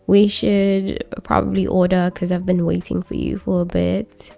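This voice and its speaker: A woman voicing a grieving young man in a life-sim game, speaking his lines in a casual, quick paraphrasing way. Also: lowish voice, flat delivery, gravelly, mellow, soft background music. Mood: earnest.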